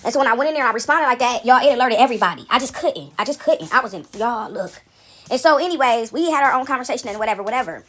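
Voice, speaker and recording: A woman's voice: on the high side, racing. A woman telling a story in a casual way, calling her listeners y'all and checking in with "right?". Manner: animated, addresses listeners as y'all, asks "right?".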